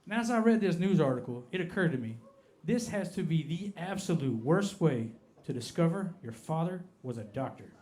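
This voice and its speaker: A man with an Appalachian American accent, doing stand-up in a comedy club. His voice sits a little high for a man. He delivers deadpan, slowing down on each punchline. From Appalachia, United States.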